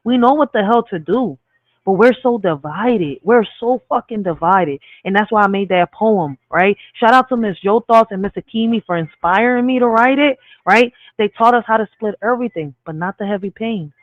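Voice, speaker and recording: A man's voice: sits high, moderate pace, no echo, phone-quality sound. A man with a Spanglish accent hosting a casual live stream, speaking in short bursts and tagging lines with "all right?". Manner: peppers talk with "all right?" and "real shit". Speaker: livestream host.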